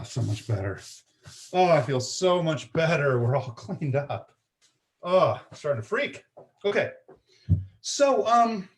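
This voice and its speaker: A man hosts a live cooking stream from his home kitchen. He talks in a loose, chatty way, explaining each step as he goes and tagging his sentences with quick check-ins. His voice sits a little high for a man. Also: slight background noise. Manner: chatty, explains step by step, often asks "right?" and "okay?". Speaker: cooking show host.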